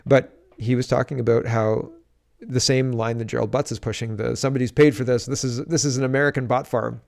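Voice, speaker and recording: A man's voice: medium pitch, fairly even intonation, a little fast, creaky. A man doing casual political commentary on a livestream, reading viewer comments aloud and reacting in an indignant, rambling way with frequent restarts.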